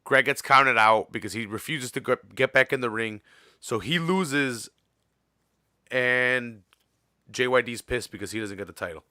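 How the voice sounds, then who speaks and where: A man co-hosting a wrestling podcast, recapping matches in animated, joking casual chat. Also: mid-range voice, moderate pace, smooth, no echo, clean studio sound. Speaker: podcast co-host.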